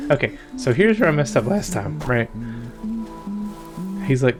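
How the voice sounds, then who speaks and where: A man hosting a game playthrough, talking in rambling, soft-spoken asides. His voice is mid-pitched and casual. Game music plays clearly behind him. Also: big pitch swings, unhurried. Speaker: let's play host.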